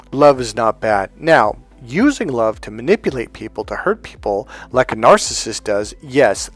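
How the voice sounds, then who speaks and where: Male motivational coach, mid-pitched, emphatic storyteller with faint music behind. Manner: emphatic and animated, often acting out other people's lines. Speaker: life and dating coach. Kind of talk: motivational talk with personal stories.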